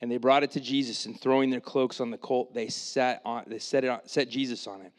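A pastor with a medium-pitched voice preaches briskly, retelling the story in a casual, animated manner full of quoted asides. For his main points he drops to a quiet, earnest tone.

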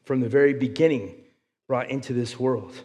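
A man preaching a sermon, reading scripture aloud and building to loud, emphatic passages. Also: medium pitch, moderate pace, long reverb tail. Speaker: pastor.

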